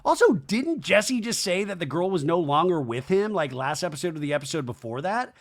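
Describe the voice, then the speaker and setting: Animated gossipy man recapping TV. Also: high voice, a little fast. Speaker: podcast host. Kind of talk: casual reality-TV recap.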